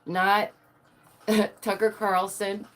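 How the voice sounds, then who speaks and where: A woman's voice: mid-range voice, flat delivery, extremely slow, a bit bright. A woman chatting casually to her viewers in a bubbly, giggly, playful way, acting out quotes in dramatic little voices. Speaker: vlogger.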